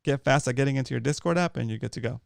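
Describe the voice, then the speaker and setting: Upbeat male co-host with a smooth voice, coaching viewers in casual talk, close and dry. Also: mid-range voice, racing, no room sound. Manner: upbeat, coaching listeners with repeated "okay?". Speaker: co-host of a fishing talk show. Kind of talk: casual livestream chat.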